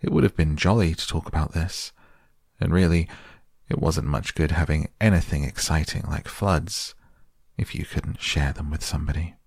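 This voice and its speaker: A man narrating a children's classic as a soft, slow, soothing bedtime storybook reading. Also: very deep voice, vocal fry, dry recording, studio quality. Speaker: audiobook narrator.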